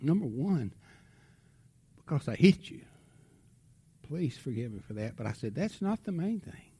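Husky, animated middle-aged male preacher. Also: medium pitch, unhurried. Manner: animated storytelling, drops to a hush for tender moments. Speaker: pastor. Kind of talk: sermon storytelling.

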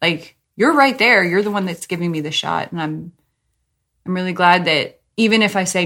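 A woman's voice: fairly low pitch, a bit bright. A woman hosting a podcast, talking openly and emotionally with her partner in casual chat. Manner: open, emotional, talks in quick bursts. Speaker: podcast host.

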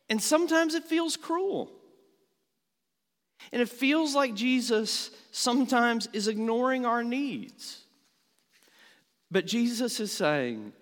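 Earnest pastor preaching in a reverberant hall. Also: male voice, high-pitched, lively intonation, slow pace, pauses often. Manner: earnest, rising emphasis, rhetorical questions. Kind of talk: sermon. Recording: long reverb of a large hall.

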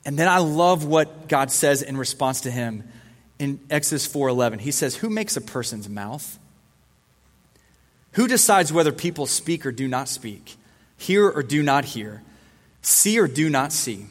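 A man's voice: medium pitch, expressive, a little slow. A man giving a casual, conversational sermon as a youth pastor, acting out the dialogue as he goes. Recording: long hall reverb.

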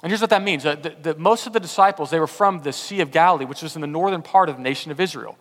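A man from Texas, preaching a sermon as pastor, stumbling and repeating words, swinging from loud emphasis to hushed tones. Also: a little high, racing, long reverb tail.

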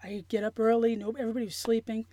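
A woman telling a personal story in an interview, earnest and emotional, halting with many restarts and fillers. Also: on the high side, flat delivery, mellow. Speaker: interview guest.

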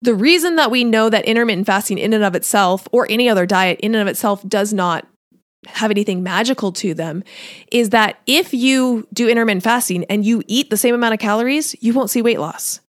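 A woman with a fairly high voice talks as a diet coach in a relaxed solo podcast. She is conversational, laughs lightly now and then, and slips into little acted-out voices of her listeners. The recording is dry and close, with no room sound. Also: brisk, no echo. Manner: conversational, often acts out listeners' thoughts in quotes; laughs lightly while talking. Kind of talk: casual solo podcast talk.

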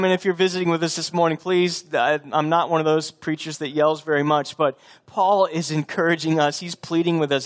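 A man from Texas preaching a sermon in an earnest, conversational way, with restarts and direct challenges to the congregation. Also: fairly high pitch. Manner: earnest, conversational preaching with bursts of coach-like shouting. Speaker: pastor.

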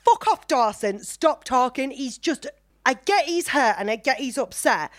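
A woman's voice: sits high, expressive, measured pace. A woman, sweary and sarcastic, chatting and laughing through a TV recap as a podcast co-host. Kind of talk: casual chat recapping a TV show.

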